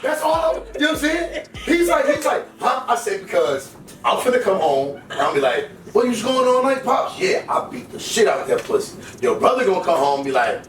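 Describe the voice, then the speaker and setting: A man's voice: very high voice, fairly quick. An older man in casual chat, telling stories with lots of swearing and acted-out quotes. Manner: profane, animated storytelling with acted-out quotes. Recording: echoey room, distant mic, noisy.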